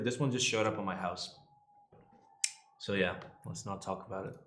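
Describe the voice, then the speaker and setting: A man's voice: lowish voice, fairly even intonation, normal speed, a bit bright, slight background noise. A hungover man hosting a livestream, chatting loosely and swearing. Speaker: livestream host. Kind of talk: casual livestream chat. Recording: roomy echo.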